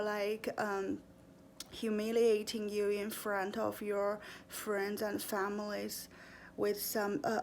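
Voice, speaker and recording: A young woman calmly and earnestly giving advice in a casual monologue, with frequent fillers. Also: medium pitch, slight background noise. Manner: calm, earnest, deliberate, with fillers and slips.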